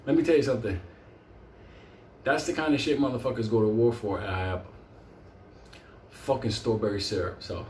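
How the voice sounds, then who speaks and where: A man telling a wild story in a profane, animated way, laughing often. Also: medium pitch, moderate pace, pauses often, slight background noise. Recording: roomy echo, faint ambience.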